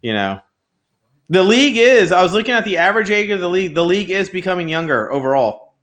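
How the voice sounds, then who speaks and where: A man co-hosting a casual sports talk show, animated and slangy, often slipping into quoting others. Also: high voice, fast. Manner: animated, slangy, quotes others in put-on voices. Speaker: sports podcast co-host. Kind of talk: casual chat.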